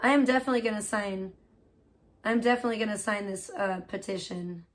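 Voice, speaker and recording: A woman's voice: medium pitch, fast. A woman hosting a casual livestream, reading a petition aloud and reacting with feeling. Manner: emotional and expressive, swearing at her computer. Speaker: livestream host.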